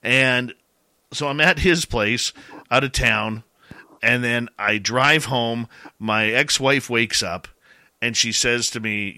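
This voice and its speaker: A middle-aged man telling a ghost story in a casual, animated way, getting louder at the scary parts. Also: medium pitch, slow pace, no room sound.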